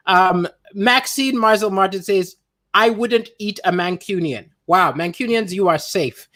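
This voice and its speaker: A man hosting a comedy livestream from home, reading viewer comments aloud and riffing on them with lively, playful delivery. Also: high voice, unhurried. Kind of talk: casual comedic livestream chat.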